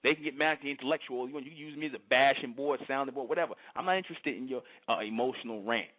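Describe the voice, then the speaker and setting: A man's voice: medium pitch, fast, background noise. A man hosting his own channel, delivering an emphatic, repetitive solo monologue and often asking his listeners if they understand. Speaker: channel host. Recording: tinny phone-like sound.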